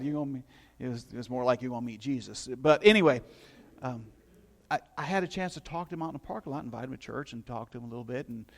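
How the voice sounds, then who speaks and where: A middle-aged male pastor preaching a sermon in a conversational storytelling way, with asides to his listeners. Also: mid-range voice.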